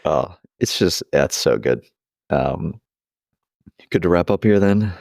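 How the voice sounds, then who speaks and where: A man's voice: deep voice, lively intonation, takes it slowly, gravelly, darkish tone, no echo, clean studio sound. A young man co-hosting a podcast in casual chat, laughing often as he retells scenes. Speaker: podcast co-host.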